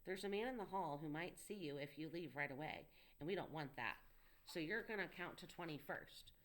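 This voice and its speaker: A woman's voice: low-pitched, animated, fairly quick, fairly bright tone. A woman voicing an earnest young male tutor who coaxes and reassures a frightened child with urgency. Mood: urgent. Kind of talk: audiobook dialogue reading.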